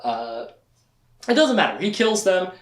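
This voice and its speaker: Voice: mid-range voice, big pitch swings, unhurried, echoey room. A podcast host giving a casual, chatty recap of a fantasy novel with laughing asides.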